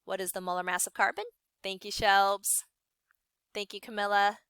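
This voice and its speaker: A young woman science teacher running an online class, upbeat and encouraging, briskly calling on students by name. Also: medium pitch, flat delivery, a bit bright, smooth, no room sound.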